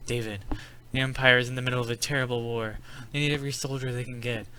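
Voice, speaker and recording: A man voicing a sorrowful father in a text adventure game, reading the part softly and subdued. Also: medium pitch, steady tone, quick pace, a little hiss or hum, lightly acted. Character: sorrowful father under arrest.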